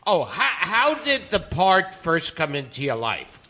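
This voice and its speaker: A man's voice: fairly high pitch, wildly swooping pitch, measured pace, pushed and bright. A man hosting a podcast interview, introducing his guest with a wry, joking delivery. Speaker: podcast host.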